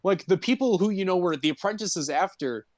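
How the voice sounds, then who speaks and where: A man's voice: high-pitched, expressive, brisk, over a noisy crowd. A man co-hosting a podcast in casual chat, rambling through long stories and laughing easily. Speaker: podcast co-host.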